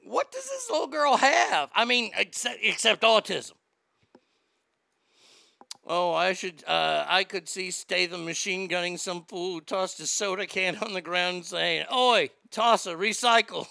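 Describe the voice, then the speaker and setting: A man in his late forties hosting a live show, ranting crudely and mockingly, swinging between loud outbursts and mutters. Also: high voice, lively intonation, measured pace, gravelly, dry recording. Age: late 40s. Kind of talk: crude comedic rant.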